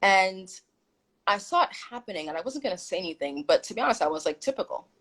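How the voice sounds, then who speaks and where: A fast-talking woman with a medium-pitched voice comes through a low-quality phone or video-call line. Guesting on a live stream, she narrates a story in an animated, emphatic way, quoting what people told her.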